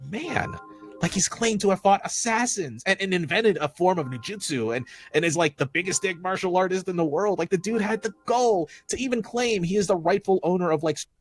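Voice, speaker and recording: A man narrating a comedic video essay in a sarcastic, profane, excitable way. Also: sits high, brisk, few pauses, faint music behind.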